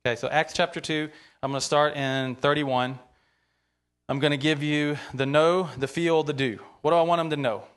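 A man's voice: a little high, steady tone, moderate pace, a bit bright, clean tone. A man teaching from the Bible to a church group in an informal, conversational way, often checking in with "right?" and speaking earnestly and openly about his feelings.

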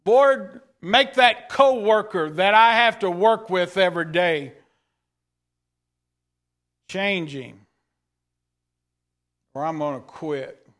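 A man's voice: high voice, slow pace, long pauses, fairly bright tone. A man preacher giving a dramatic sermon, reading scripture aloud and questioning his listeners.

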